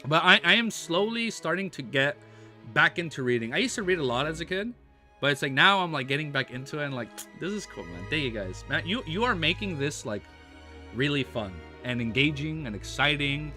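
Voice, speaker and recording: A streaming American man with a bright, forceful, slightly high voice reads a novel aloud. Between passages he chats in a laid-back, slangy, excitable way. Faint music plays underneath. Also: brisk. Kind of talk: reading a novel aloud on a livestream, casual chat.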